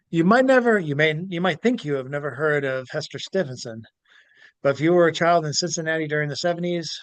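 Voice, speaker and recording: A man hosting a casual podcast, animated, laughing easily and stumbling over words as he chats and reads aloud. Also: a little high, a little fast, dry recording. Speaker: podcast host. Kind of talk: casual chat and reading aloud.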